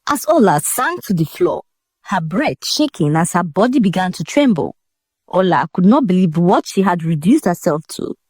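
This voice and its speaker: A woman narrating a dramatic folk tale in a vivid, expressive storytelling manner. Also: on the low side, moderate pace, breathy edge, no room sound, studio quality.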